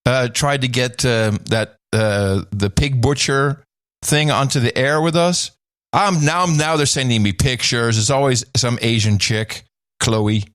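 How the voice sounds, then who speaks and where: A man co-hosting a podcast in casual chat, reacting quickly with laughing asides. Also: medium pitch, fairly bright tone, no room sound, studio quality. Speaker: podcast co-host.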